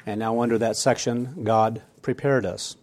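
A man's voice: mid-range voice, steady tone, normal speed, darkish tone. A man preaching a sermon to his church, earnest and emphatic, often repeating phrases for weight. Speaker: pastor.

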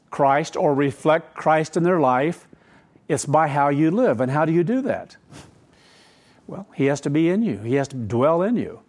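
A man's voice: on the high side, darkish tone. A middle-aged man preaching a sermon in a conversational way, asking rhetorical questions and adding asides. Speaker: pastor.

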